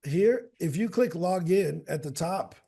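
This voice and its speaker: A man's voice: a little high, lively intonation, measured pace, gravelly, mellow, slightly rough. A man in casual video call chat, upbeat and walking someone through his screen share. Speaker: speaker platform representative.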